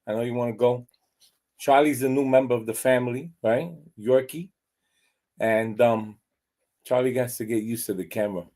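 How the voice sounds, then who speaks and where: A man's voice: mid-range voice, fairly even intonation, moderate pace, warm tone. A man hosting a pet show in a casual, rambling way with many fillers, talking to camera at home. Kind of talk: casual vlog chat and joke telling. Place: at home with his dog.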